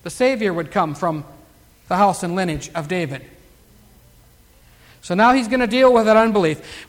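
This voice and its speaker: A man's voice: sits high, lively intonation, normal speed, pauses often. An older man preaching a Bible teaching sermon in a folksy way, full of rhetorical questions and asides as he reads scripture aloud. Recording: long hall reverb.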